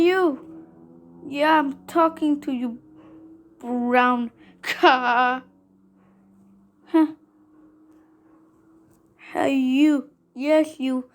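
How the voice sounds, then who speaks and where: High-pitched woman gamer, slow talking, teasing the other cars. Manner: playful, bossy trash talk and sung racing noises. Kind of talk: game commentary.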